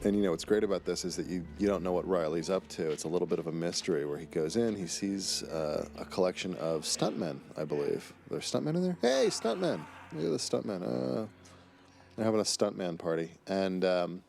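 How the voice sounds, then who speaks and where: Brief: deep, gravelly-voiced man, relaxed and enthusiastic DVD commentary. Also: brisk, hardly any pauses, a little hiss or hum. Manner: relaxed, enthusiastic, chatty with fillers. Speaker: episode writer giving DVD commentary.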